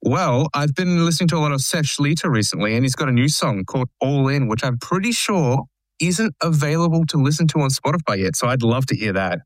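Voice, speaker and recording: A guest on a radio show, relaxed and easygoing in casual conversation. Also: medium pitch, brisk, no echo, rough recording.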